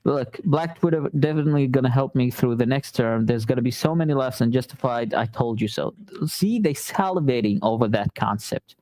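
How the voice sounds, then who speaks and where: Sarcastic man with a mellow voice. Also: mid-range voice, lively intonation, fairly quick, few pauses, no echo. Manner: sarcastic, loose and conversational. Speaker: commentary channel host. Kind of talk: casual reaction commentary.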